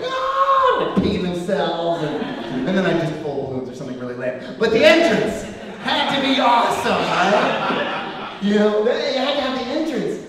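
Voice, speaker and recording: A man doing stand-up comedy, telling an anecdote with lots of fillers on a club stage. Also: fairly high pitch. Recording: echoey hall, distant mic, audience.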